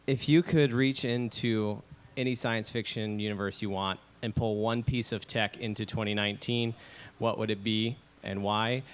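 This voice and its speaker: A man's voice: on the low side, fairly even intonation, moderate pace, hardly any pauses, clear, resonant tone. A man from the audience carefully asking a question at a live Q&A.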